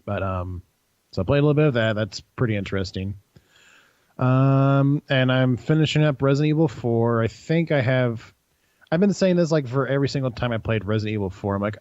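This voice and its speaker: A man's voice: mid-range voice, brisk, darkish tone, no echo. Rambling laughing man, dull mic. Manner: rambling, laughs often, acts out quotes. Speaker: podcast host. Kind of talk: casual gaming chat.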